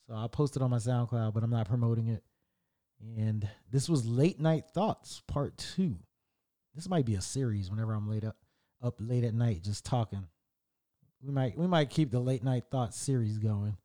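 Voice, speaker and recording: A man hosting a late-night solo podcast, rambling in a relaxed way and correcting himself as he goes. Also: medium pitch. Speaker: podcast host.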